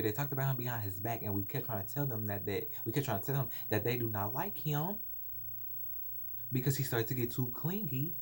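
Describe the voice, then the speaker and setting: A man's voice: medium pitch, darkish tone, a little hiss or hum. A young man telling a painful personal story to camera in an emotional, rambling and apologetic way. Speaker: vlogger.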